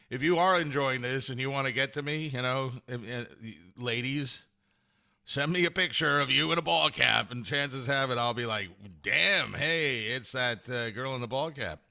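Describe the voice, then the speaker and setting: Male podcast host, bright, rambling, self-mocking storyteller. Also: medium pitch, normal speed, vocal fry. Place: at home with a cat. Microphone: camera set up at home.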